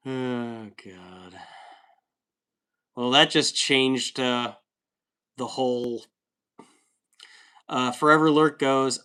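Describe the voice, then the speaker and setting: A man's voice: medium pitch, slow, long pauses, bright, forceful tone. A man in his thirties from the United States, chatting casually on a livestream and reading viewer comments aloud with a laid-back, joking manner.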